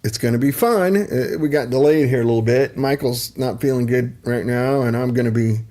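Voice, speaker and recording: A middle-aged man talks casually on his livestream, drifting from one aside to the next with plenty of ums. His voice is mellow and warm, sitting at an ordinary pitch for a man. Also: a little fast. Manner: rambling, chatty, many ums and asides. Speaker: livestream host.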